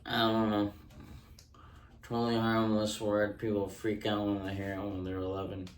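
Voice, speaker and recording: A man doing a casual home-recorded ASMR stand-up bit, rambling through deadpan jokes with frequent ums, close on a handheld mic. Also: lowish voice, normal speed, slight background noise. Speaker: stand-up comedian. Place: indoors at home.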